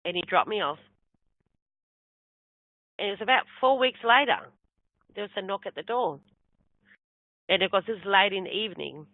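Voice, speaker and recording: A woman's voice: medium pitch, moderate pace, pauses often, dry recording. Woman storyteller on a tinny, dry line. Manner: lively storyteller, acts out quoted voices. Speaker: spiritual medium. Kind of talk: storytelling talk. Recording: tinny phone-like sound.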